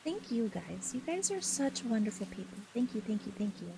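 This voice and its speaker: A woman streamer talks to her viewers in a soft, affectionate and giggly way, reading their messages aloud. Her voice sits a little high. Steady rain is clearly audible behind her. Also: normal speed, background noise.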